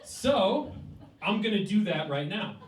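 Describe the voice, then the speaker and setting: Man, stand-up comic, lively and chatty with a high-ish voice, recorded from a distance in an echoey cafe. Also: unhurried, background noise. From Cleveland, Ohio. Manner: chatty, rhetorical, with many "like" and "right?". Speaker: stand-up comedian. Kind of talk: stand-up comedy set. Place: small cafe, indoors.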